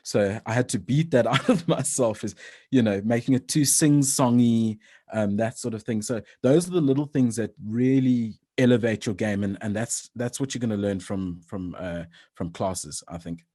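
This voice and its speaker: A man's voice: medium pitch, moderate pace. Chatty man, voice-over artist. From South Africa. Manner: relaxed, rambling with frequent restarts and laughs. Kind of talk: casual interview chat.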